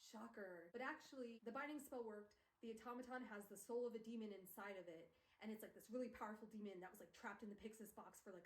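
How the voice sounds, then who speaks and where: A woman's voice: on the high side, darkish tone. A woman streamer casually recapping a book, chatty and full of "like" fillers, laughing often. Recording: roomy, distant mic.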